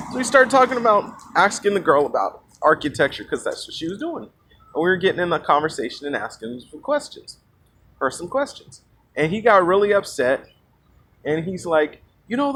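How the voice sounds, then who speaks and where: A man casually telling a story, rambling with fillers and asides. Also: high voice. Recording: noisy background.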